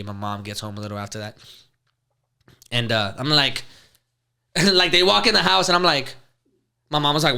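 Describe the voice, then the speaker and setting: Bright, smooth-voiced man. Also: medium pitch. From Houston, Texas. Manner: profane, laughing, loose storyteller. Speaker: podcast host. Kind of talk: casual storytelling chat.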